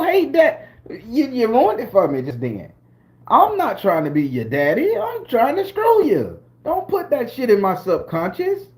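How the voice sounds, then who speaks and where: A Southern American man talks casually on a live stream, his voice sitting high and leaping up into sharp, excited exclamations. He is profane and animated, with wide swings in his delivery. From southern Florida, USA. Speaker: spiritual channel host.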